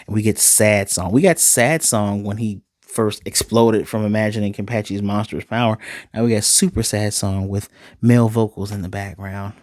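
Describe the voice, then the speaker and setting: A man casually recapping an anime episode in an animated way, acting out quoted lines as he goes. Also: on the low side, normal speed, dry recording, studio quality. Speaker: anime reviewer.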